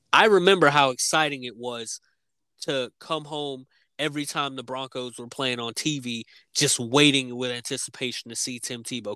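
A man's voice: mid-range voice, bright, forceful tone, clear, resonant tone, no echo, poor audio. A young man co-hosting a podcast, ranting emphatically and swearing in frustration about his team's season. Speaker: podcast co-host. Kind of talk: heated sports rant.

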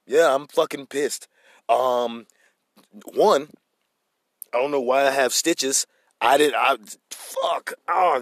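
A man's voice: mid-range voice, no room sound, natural voice. Dude doing an angry cussing guy ranting into a voicemail, dry close sound, comedy bit. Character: furious groggy man robbed after waking up.

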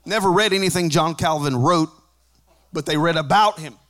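High-voiced preaching man. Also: moderate pace. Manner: builds to shouting, sing-song preaching cadence; conversational asides with humor. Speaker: pastor. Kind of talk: sermon.

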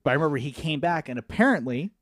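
A man's voice: a little high, expressive, very fast, no room sound, clean studio sound. A young adult man, a podcast co-host, telling a rambling, profane story and laughing through it. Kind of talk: casual storytelling chat.

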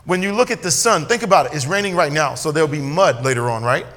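Man preaching, bright tone, fairly high voice, animated sermon delivery, long hall reverb. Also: fast. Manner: animated preaching, swinging between loud emphasis and quiet asides. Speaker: pastor.

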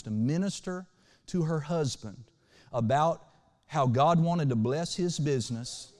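Man preaching a sermon in an echoing hall. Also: a little high. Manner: preaching with sudden swings between loud and hushed delivery; asks the congregation for responses. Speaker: pastor.

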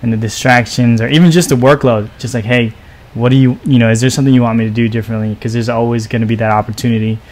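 A man sharing his thoughts in a relaxed podcast chat, his voice at an ordinary middle pitch. He circles around his point with lots of "um" and "like", calm and reflective. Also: fast talker. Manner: rambling, many fillers, reflective. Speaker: podcast co-host. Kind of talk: casual faith podcast chat.

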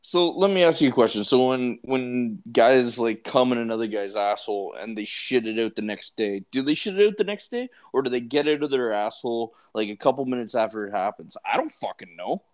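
A man's voice: medium pitch, animated, fairly quick, hardly any pauses, a little mellow. A young man co-hosting a podcast, rambling through crude stories and questions with lots of swearing. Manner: rambling, profane, joking. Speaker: podcast co-host. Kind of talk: crude casual chat.

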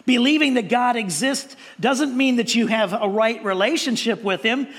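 A man's voice: very high voice, moderate pace, fairly bright tone, in a large hall. A male pastor preaching a sermon in a conversational way, with frequent restarts and playful mimicked voices.

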